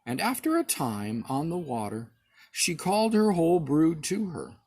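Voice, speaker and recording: A man, a father, reading a storybook aloud to his child, expressive, with small slips and restarts. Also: a little high, normal speed, husky.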